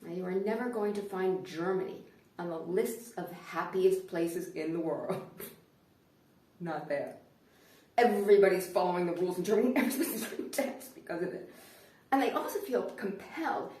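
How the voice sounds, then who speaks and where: A woman comedian performing a stand-up routine, telling her stories in an animated way. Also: medium pitch. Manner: animated storytelling. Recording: roomy, distant mic.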